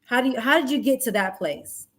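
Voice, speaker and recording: A woman's voice: on the high side, animated, brisk, a bit bright. A woman hosting a podcast, asking long, reflective questions in a casual conversational way. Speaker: podcast host.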